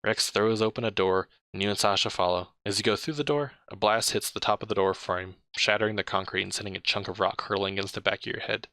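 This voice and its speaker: A man's voice: on the low side, fairly even intonation, fast, hardly any pauses, bright, forceful tone, no room sound. A man reading an interactive space adventure story aloud in a casual way, stopping to comment on his own slips. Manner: chatty, comments on his own slips and laughs mid-read. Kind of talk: casual read-aloud narration.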